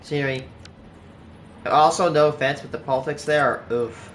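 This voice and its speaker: Talking at a normal speed with fairly even intonation, a man with a slightly high, fairly bright voice chats while gaming on a livestream. His talk rambles, full of "like" and restarts. There's a little hiss or hum, and clear background music.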